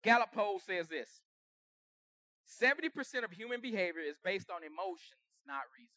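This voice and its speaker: High-voiced pastor preaching with loud bursts. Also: male voice, animated, moderate pace, no echo, studio quality. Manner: conversational preaching with sudden loud bursts and dropped asides. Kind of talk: sermon. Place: church sanctuary.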